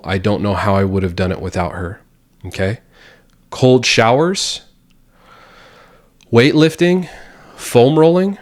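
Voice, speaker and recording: A man talking straight to the viewer in a heartfelt pep talk, earnest and intense, swearing freely and repeating himself for emphasis. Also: medium pitch. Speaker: video host sharing his recovery.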